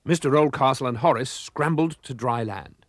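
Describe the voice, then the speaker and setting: A man narrating a children's storybook with a lively, expressive reading. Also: medium pitch, moderate pace, loud music behind the voice.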